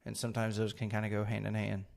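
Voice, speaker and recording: A middle-aged man in a casual faith podcast chat, talking in a thoughtful, halting, wry way. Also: lowish voice, completely flat delivery, gravelly, darkish tone. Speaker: co-host.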